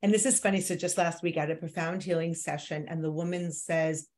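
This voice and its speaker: Female wellness host, lowish voice, warmly encouraging and affirming. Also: fairly even intonation, a little fast. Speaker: talk show host. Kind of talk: podcast interview, wellness chat.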